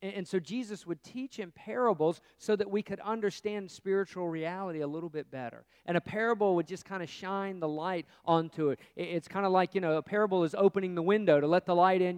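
A man preaching a sermon as pastor, earnest, rising to emphatic peaks and dropping to hushed asides. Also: sits high, clean tone, no echo.

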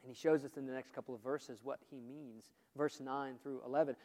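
A man preaching a sermon in a church, earnest and emphatic, often dropping his voice low for emphasis. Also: steady tone, fairly quick, warm tone. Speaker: pastor. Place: church sanctuary. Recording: long reverb of a church hall.

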